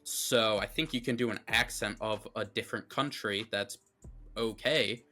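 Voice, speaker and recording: Blunt, bright-voiced man ranting. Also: lowish voice, steady tone, unhurried, faint music behind. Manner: blunt, opinionated and ranting, lots of fillers. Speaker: co-host of a movie review show. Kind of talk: casual review chat.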